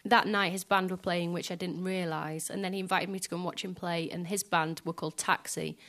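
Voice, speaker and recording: Soft-spoken hesitant woman. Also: fairly low pitch, steady tone, brisk. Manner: soft, hesitant, many fillers. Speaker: guest musician. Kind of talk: reflective live interview.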